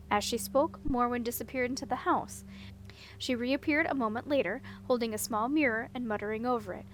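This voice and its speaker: A woman narrating a fantasy children's novel as an audiobook reader, steady and even. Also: a little high, normal speed, slight background noise, rough recording. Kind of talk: storybook narration.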